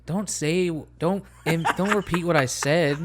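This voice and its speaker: A young man co-hosting a casual podcast, teasing his friend with quick joking interjections. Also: a little high, crowd noise. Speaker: podcast co-host. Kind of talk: casual chat.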